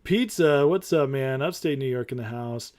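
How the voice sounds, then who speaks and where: A man's voice: mid-range voice, normal speed, darkish tone. A man hosting a casual livestream, reading viewer comments and talking in an emphatic, rambling way. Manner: rambling and emphatic, with fillers and restarts. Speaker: livestream host.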